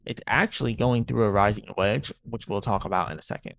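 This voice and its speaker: A man's voice: on the low side, fairly quick, gravelly, a bit bright, dry recording. A man hosting a crypto channel, talking through market moves in a rambling, casual way and often tossing in "right?".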